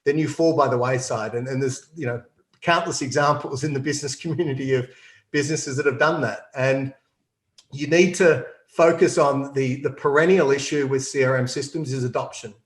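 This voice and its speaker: A man's voice: medium pitch, steady tone, moderate pace, echoey room. A man from Australia, a company CEO answering interview questions in a confident, explanatory way and laughing often. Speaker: CEO guest. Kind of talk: business interview.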